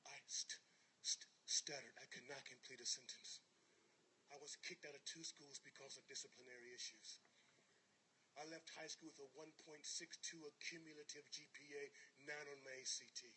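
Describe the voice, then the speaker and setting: A man giving an inspirational speech to a live audience, swinging from hushed tones to shouts and calling on the crowd to join in. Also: mid-range voice, steady tone, moderate pace, slight background noise. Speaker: motivational speaker.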